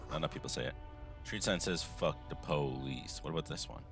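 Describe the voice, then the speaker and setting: A man's voice: extremely low pitch, a little fast, music in the background. A man streaming a detective game, reading along with laid-back, amused asides. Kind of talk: casual game commentary.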